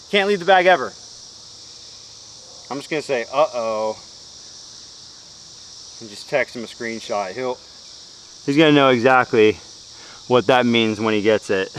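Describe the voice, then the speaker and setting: On a rough recording with a little hiss or hum, a man with a medium-pitched voice talks unhurriedly and pauses often while playing disc golf outdoors. His casual commentary is upbeat and self-deprecating, walking through every shot.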